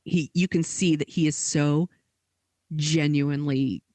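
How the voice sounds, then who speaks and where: A woman's voice: sits low, steady tone, a little slow, mellow, no room sound. Woman telling a story casually. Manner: retells events with lots of "like" and quoted dialogue. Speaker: podcast co-host.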